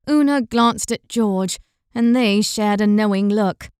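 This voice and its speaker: A woman narrating a fantasy audiobook in an even, measured storytelling voice, close to the mic. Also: mid-range voice, smooth, dry recording.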